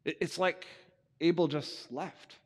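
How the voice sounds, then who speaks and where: A man preaching to young people, retelling a story in a conversational, animated way and acting out the characters. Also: on the high side, takes it slowly, big-room sound.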